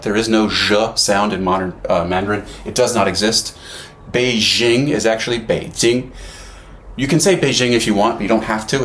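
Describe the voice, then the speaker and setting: Rambling man teaching at a whiteboard. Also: lowish voice. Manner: rambling, lots of fillers and self-corrections. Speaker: language teacher. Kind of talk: casual whiteboard lesson. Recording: echoey room, faint background noise.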